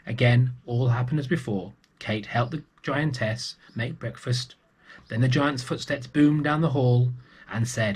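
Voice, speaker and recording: A man reading a picture book aloud to young children, gentle and unhurried. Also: mid-range voice, breathy edge. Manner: gentle and unhurried, with small restarts.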